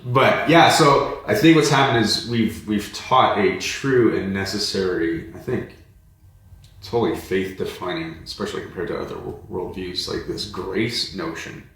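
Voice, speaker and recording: A man's voice: sits low, moderate pace, fairly bright tone. A man, a pastor hosting, talking thoughtfully and searching for words in a casual conversation. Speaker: host and pastor. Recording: very echoey room, faint background ambience.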